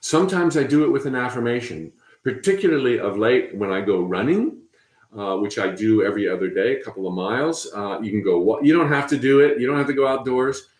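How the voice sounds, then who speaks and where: A man's voice: mid-range voice, lively intonation, a little fast. Man guiding a spiritual talk, roomy sound. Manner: conversational, encouraging, repeats phrases softly. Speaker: host.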